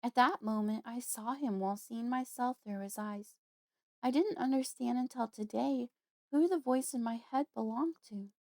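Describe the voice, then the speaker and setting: A woman putting on a small, scared girl's voice, high and pleading, always close to tears. She sounds haunted and fragile in this audiobook scene. The recording is dry and close, with no room sound. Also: moderate pace, darkish tone, no echo, natural voice. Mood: anxious. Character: young half-human girl, frightened and haunted.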